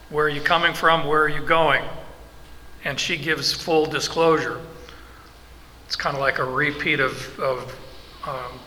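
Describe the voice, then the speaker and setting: A middle-aged man preaching an expository sermon, slow and emphatic, with asides and restarts. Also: fairly high pitch, bright, forceful tone. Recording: long hall reverb, faint background noise.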